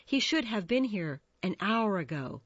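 A quick-tempered young man who mocks his friends and leaps to a fight, as a woman reading a story puts him on. His voice is pitched higher than the narration and pushed forward. Dull, dry recording. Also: very animated, dry recording. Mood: sarcastic. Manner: irritable, mocking.

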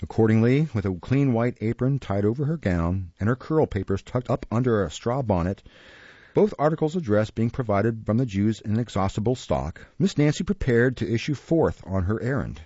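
Low, dark-voiced male audiobook narrator. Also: expressive, moderate pace, husky, no room sound, dull audio. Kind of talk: scripted narration.

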